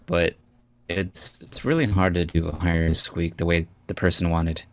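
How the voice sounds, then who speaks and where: A man's voice: low voice, level tone, moderate pace, no echo, lo-fi sound. A man who works as a voice actor, chatting as an interview guest in an easygoing, joking way over an online call. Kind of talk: casual interview chat.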